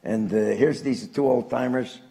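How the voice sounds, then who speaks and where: Gravelly older man. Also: mid-range voice, measured pace. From Newark, New Jersey. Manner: animated anecdotal storyteller, chuckling punchlines. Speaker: author and guest speaker. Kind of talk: storytelling to a live audience.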